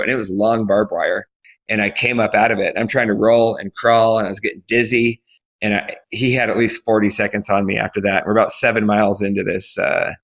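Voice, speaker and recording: A man in his forties from Alaska, an athlete interviewed on a podcast, tells his story in an animated way, acting out what people said and often restarting. His voice sits on the low side, and the recording sounds muffled.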